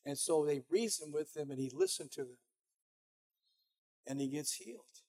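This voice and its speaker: A man's voice: a little high, animated, moderate pace, warm tone. A man preaching a sermon as pastor, conversational and emphatic, often saying "you know".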